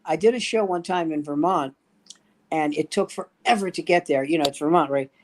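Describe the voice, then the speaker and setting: A man's voice: on the high side, fairly quick, slight background noise. An older man, a standup comedian, telling rambling anecdotes in casual chat with acted-out quotes.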